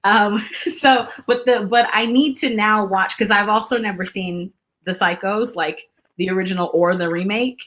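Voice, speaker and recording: A woman's voice: medium pitch, fairly even intonation, moderate pace, a bit bright. Bubbly woman guest chatting. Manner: bubbly, lots of "like" and "um" fillers. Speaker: actress guest. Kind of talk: casual chat.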